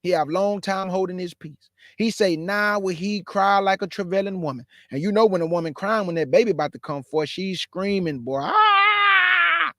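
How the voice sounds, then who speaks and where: High-pitched guy preaching, fervent and repetitive, dry close sound. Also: fairly quick, no echo. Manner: prays aloud, pleading. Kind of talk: sermon closing with prayer.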